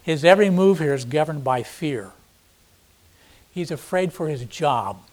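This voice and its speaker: Male preacher, sermon, scripture reading with blunt paraphrase, dramatic emphasis, slightly high-pitched voice. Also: expressive, unhurried. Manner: reads scripture then explains in plain, blunt paraphrase; dramatic, acting out quoted speakers with sudden loud emphasis. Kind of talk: expository sermon.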